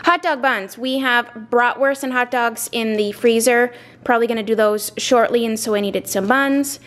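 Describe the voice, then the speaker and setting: A woman's voice: on the high side, normal speed, fairly bright tone. A woman, chatting casually and rambling through a grocery haul at home, a little out of breath, with many fillers and asides. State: slightly out of breath. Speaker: vlogger showing a grocery haul.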